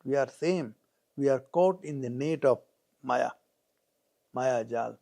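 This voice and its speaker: A man's voice: mid-range voice, slow, creaky, mellow. A man voicing a grieving male pigeon who has lost his wife and chicks. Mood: resigned. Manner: resigned, lamenting.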